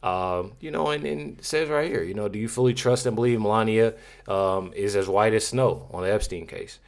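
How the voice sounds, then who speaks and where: A man's voice: fairly low pitch, moderate pace. A man giving casual reaction commentary to his viewers, talking emphatically and repeating himself, often addressing them as y'all. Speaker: YouTube commentator.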